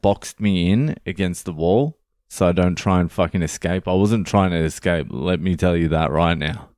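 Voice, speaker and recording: A man's voice: deep voice, a little mellow, clean tone, dry recording, studio quality. An Australian man hosting a podcast, telling a story in a blunt, sweary, joking way. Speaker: podcast host. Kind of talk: casual storytelling monologue.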